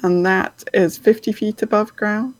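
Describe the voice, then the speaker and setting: A woman narrating as game master of a tabletop game, unhurried and hesitant, often pausing on fillers. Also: mid-range voice, steady tone, dry recording, poor audio.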